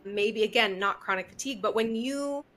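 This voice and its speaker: A woman hosting a podcast, asking quick, encouraging questions with many fillers. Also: mid-range voice, a bit bright. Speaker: podcast host. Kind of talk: conversational interview.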